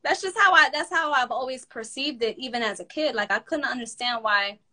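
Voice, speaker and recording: A woman host in casual chat, talking frankly and in an animated way about growing up. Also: high voice, fairly quick.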